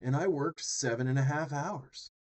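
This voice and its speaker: A man voicing a hyped young male pitchman from an online ad, salesy and emphatic. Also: normal speed, close to an everyday voice.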